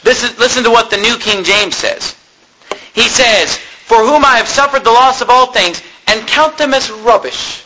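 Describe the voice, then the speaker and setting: An American man preaching a sermon, animated and mocking, swinging between loud points and low asides. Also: moderate pace, a little hiss or hum, poor audio. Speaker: pastor.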